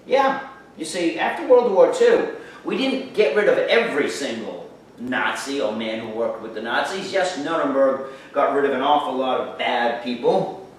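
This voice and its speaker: A man teaching a history lecture, lively and sarcastic, talking straight to his class. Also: mid-range voice, normal speed, a little hiss or hum. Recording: echoey room, far from mic.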